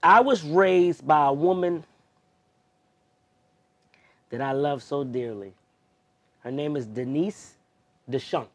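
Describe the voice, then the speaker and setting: A young adult man as an interview guest, speaking heartfelt and expressive, moving between loud emphasis and soft, near-tearful moments. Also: on the high side, takes it slowly, pauses often. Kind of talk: emotional personal interview.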